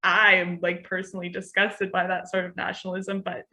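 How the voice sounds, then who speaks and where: Bright-voiced young woman, chatty. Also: fairly low pitch, completely flat delivery, brisk. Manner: chatty, heavy use of "like". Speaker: podcast guest. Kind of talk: casual literary discussion.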